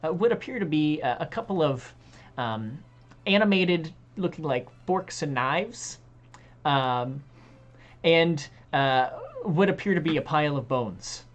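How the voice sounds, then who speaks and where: A woman narrating as dungeon master of a tabletop game, pausing often with ums and uhs. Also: low-pitched, lively intonation, muffled recording. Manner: hesitant, many ums and uhs.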